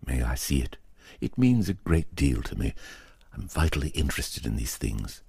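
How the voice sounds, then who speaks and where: A man plays a gaunt, courteous occultist with a very deep, pleasant, well-modulated voice, speaking softly and with quiet intent. The pitch rises and falls in a lively way. The sound is close and dry, with no room around it. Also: moderate pace, creaky, breathy edge, no echo, exaggerated voice. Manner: soft-spoken, apologetic and cryptic. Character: lean gaunt middle-aged male occultist, courteous, intent.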